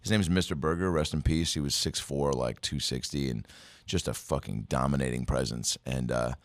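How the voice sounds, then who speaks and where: Very deep-voiced comedian guest, profane storyteller, dry studio sound. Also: male voice, a little fast, no echo. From Seattle, USA. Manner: profane, animated storytelling with impressions. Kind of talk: casual storytelling chat.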